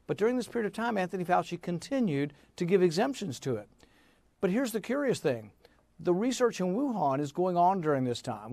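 High-voiced emphatic man, dry sound. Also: dry recording. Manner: emphatic, animated storytelling. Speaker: senator, interview guest. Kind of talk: interview answer.

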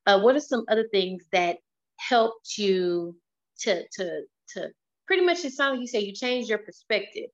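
A woman's voice: mid-range voice, lively intonation, moderate pace. A woman host asking interview questions, hesitant and restarting as she feels her way in. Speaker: podcast host. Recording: dull lo-fi sound.

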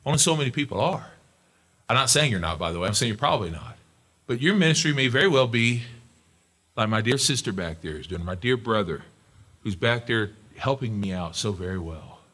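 Male pastor, preaching voice, animated pitch, repeats for emphasis. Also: brisk. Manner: emphatic, repeats key phrases, swings from soft asides to loud exhortation. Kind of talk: sermon and closing prayer.

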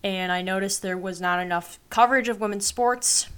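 A woman's voice: mid-range voice, normal speed, a bit bright, smooth. A young adult woman hosting her own podcast, chatting casually in a rambling, upbeat way with many fillers. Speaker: podcast host. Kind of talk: casual solo podcast chat.

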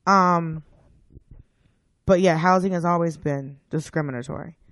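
A man's voice: on the high side, fairly even intonation, unhurried, fairly bright tone, no echo. Blunt, dry-sounding male guest. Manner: blunt, swears freely, talks in bursts with restarts. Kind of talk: casual conversation.

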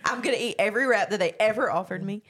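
A woman's voice: mid-range voice, very fast, a bit bright. A woman with a Southern US accent, co-hosting a casual podcast chat and telling stories with frequent laughter. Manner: laughs often, tells stories animatedly. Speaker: podcast co-host.

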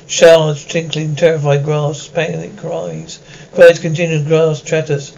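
A man narrating, reading out descriptions of sounds in a flat listing manner. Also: fairly high pitch, slow, gravelly, dull audio, slight background noise.

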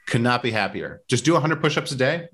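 A man's voice: mid-range voice, sing-song, fast, a bit bright, slightly rough. A man co-hosting a casual podcast chat, opinionated and fond of handing out tips. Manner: opinionated, gives tips, repeats himself. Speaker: podcast co-host.

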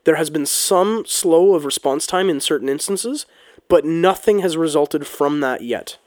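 A man's voice: fairly high pitch, measured pace, a little mellow, no echo, clean studio sound. A man giving a heated, casual opinion monologue on politics, swearing often and restarting his sentences. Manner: heated, ranting, swears, frequent restarts and ums. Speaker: political commentator.

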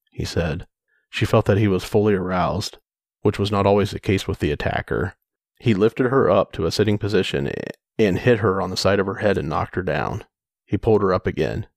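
A low-voiced man narrates true crime case details in a plain, matter-of-fact way, dropping in casual remarks. The sound is close and dry. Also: fairly quick, creaky, no room sound. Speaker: podcast co-host.

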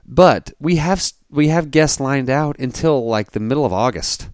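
A man's voice: medium pitch, lively intonation, normal speed, a little mellow, dry recording, clean studio sound. A man in his thirties co-hosting a podcast, chatting casually and animatedly with lots of filler words. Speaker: podcast co-host. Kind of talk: casual chat.

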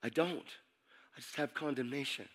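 A man preaching a testimony, animated and emphatic, dropping to a hush and then shouting as he acts out the scenes. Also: mid-range voice, moderate pace. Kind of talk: sermon testimony storytelling.

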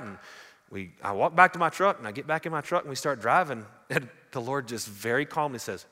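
A man preaching a sermon, telling stories and swinging from loud to hushed. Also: medium pitch, very animated, a little fast. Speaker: pastor. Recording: long hall reverb.

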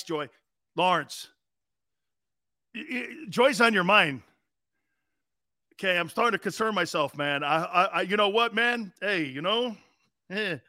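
A middle-aged man hosting a sports talk radio show, loud and joking, laughing often as he rambles. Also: high voice, dry recording, clean studio sound.

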